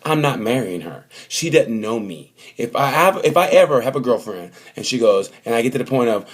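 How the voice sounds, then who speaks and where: A man's voice: mid-range voice, lively intonation, brisk, few pauses. Joking guy rambling about racing. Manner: joking, rambling, acts out quotes. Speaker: motorsport vlogger. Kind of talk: casual comedic race review.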